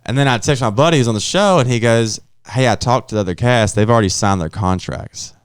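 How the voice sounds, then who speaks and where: A man, a guest comedian telling stories in a profane, animated way. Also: mid-range voice, quick pace, clean tone, dry recording, clean studio sound. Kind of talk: casual storytelling.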